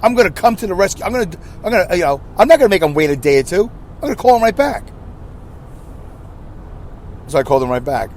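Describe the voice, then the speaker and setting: A man's voice: sits high, big pitch swings, quick pace, long pauses, darkish tone, slight background noise. A man in his fifties hosting a solo podcast, rambling through a self-deprecating, emotional rant. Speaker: podcast host.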